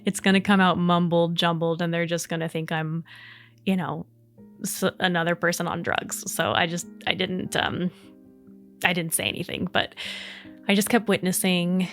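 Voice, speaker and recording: A woman's voice: fairly low pitch, level tone, normal speed, a bit bright, soft background music. A woman podcast host telling personal ghost stories in a chatty, rambling way, full of fillers.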